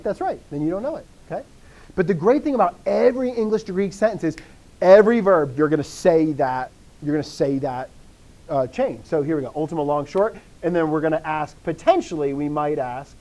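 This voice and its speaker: Male teacher, high-pitched, energetic classroom lecturer who drills with call-and-response. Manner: drilling students with repeated call-and-response questions; energetic, animated bursts of enthusiasm. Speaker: Greek teacher.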